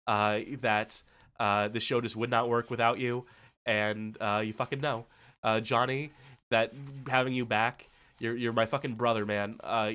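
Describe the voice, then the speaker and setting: A man's voice: medium pitch, a bit bright, clear, resonant tone. Rambling, swearing male streamer host. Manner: heavy swearing, rambling, halting with many fillers. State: tired and emotional. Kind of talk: casual stream thank-you speech.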